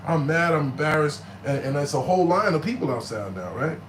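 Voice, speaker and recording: Animated, profane male storyteller. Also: fast, hardly any pauses, background noise. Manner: acts out quotes with sudden loud high bursts; profane, slangy.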